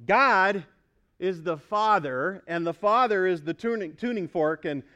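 High-voiced preacher man. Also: unhurried, sharp tone, clear, resonant tone. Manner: emphatic, quizzes the congregation. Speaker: pastor. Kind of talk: sermon. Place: church service.

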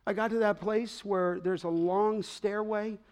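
A middle-aged man preaching a sermon as pastor, emphatic, pausing to ask the congregation to fill in words. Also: high voice, fairly even intonation, smooth.

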